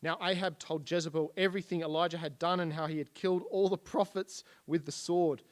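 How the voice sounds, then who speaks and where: A man's voice: fairly high pitch, steady tone, a little fast. A man giving a casual Bible history lesson at a church. He retells stories in plain everyday speech while pointing at slides.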